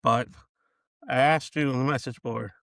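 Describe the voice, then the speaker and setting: A man hosting a podcast interview, chatting casually with halting phrasing and frequent laughs. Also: mid-range voice, fairly even intonation, creaky, a bit bright, no echo. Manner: halting, laughs often, many fillers. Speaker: podcast host.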